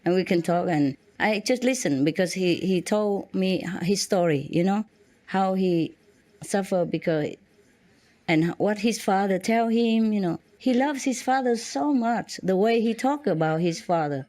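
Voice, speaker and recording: Woman, halting. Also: medium pitch, warm tone. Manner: halting, frequent restarts and fillers. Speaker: spiritual teacher. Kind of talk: personal storytelling to students.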